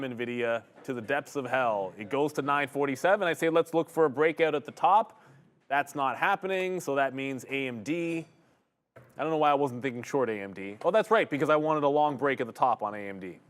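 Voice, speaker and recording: A man's voice: mid-range voice, fairly bright tone. Casual man explaining his trade plans. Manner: casual, explanatory, talks through his own orders. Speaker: stock trading stream co-host. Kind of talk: live trading commentary.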